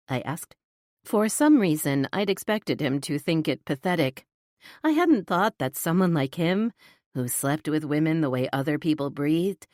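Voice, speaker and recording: A woman narrating a first-person romance audiobook in an intimate, breathy, confiding manner. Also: sits low, darkish tone, no echo, clean studio sound.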